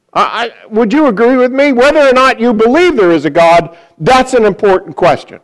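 A man's voice: high-pitched, poor audio. An older man giving a sermon as a guest preacher, rambling and joking at his own expense. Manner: rambling, self-deprecating humor.

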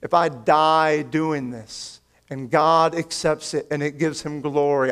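A man preaching a sermon as a pastor, earnest and pleading, calling his listeners friends and swinging between raised emphatic lines and quiet low asides. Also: steady tone, slow pace, few pauses, clear, resonant tone.

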